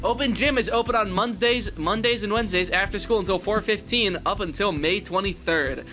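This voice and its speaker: A man's voice: sits high, a little fast, few pauses, music in the background. A teenage boy reading school announcements with wry, sarcastic asides. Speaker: student announcer.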